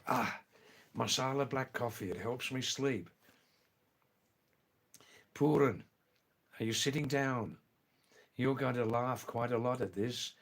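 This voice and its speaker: A man's voice: medium pitch, slow, pauses often. A man hosting a casual live stream, chatting with viewers in a teasing way and repeating phrases for effect.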